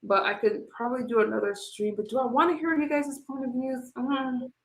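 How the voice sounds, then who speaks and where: A woman's voice: sits high, steady tone, fairly quick, echoey room. A woman hosting a casual livestream panel, chatting loosely and trailing off mid-thought. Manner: chatty, trails off, reads chat aloud. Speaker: livestream host.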